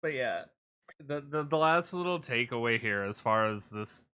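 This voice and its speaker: A man's voice: medium pitch, animated, moderate pace, sharp tone, smooth. A man in casual conversation, emphatic and profane, backing up his friend. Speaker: co-host. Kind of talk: casual chat.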